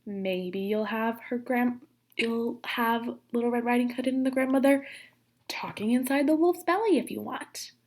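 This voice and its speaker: A woman teacher reading a fairy tale aloud to children and encouraging them, expressive and friendly. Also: fairly high pitch, unhurried. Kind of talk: read-aloud story and class instructions.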